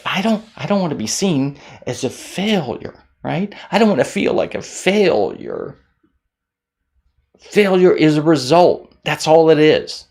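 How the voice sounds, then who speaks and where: A man giving a motivational talk to camera, animated, mocking common excuses in whiny voices. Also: on the high side, creaky. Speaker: motivational speaker.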